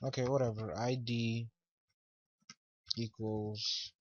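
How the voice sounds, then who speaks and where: A man's voice: medium pitch, flat delivery, slow. Rambling teen guy, lo-fi hissy mic. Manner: rambling, easily frustrated, talks to himself. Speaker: tutorial maker. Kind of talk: casual screen-recorded coding tutorial. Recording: dull lo-fi mic with loud hiss. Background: keyboard and mouse clicks.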